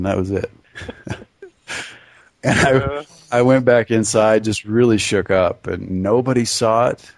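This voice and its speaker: Podcast cohost, middle pitch, lively laughing storyteller, dry close mic. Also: male voice, moderate pace, gravelly, dry recording. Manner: animated, laughing often while telling a story. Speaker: podcast co-host. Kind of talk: casual storytelling.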